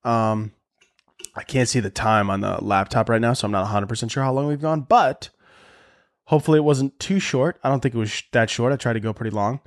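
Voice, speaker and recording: A man's voice: medium pitch, brisk. A man hosting a solo podcast, ranting casually and profanely with lots of fillers. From half Italian family. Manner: profane, rambling, animated. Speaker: podcast host.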